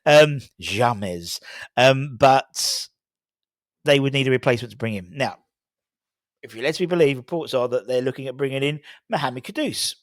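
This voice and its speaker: A man's voice: mid-range voice, normal speed, dry recording, clean studio sound. A man hosting a football fan channel, chatting casually through transfer news with lots of ums and restarts. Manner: rambling, many fillers and restarts.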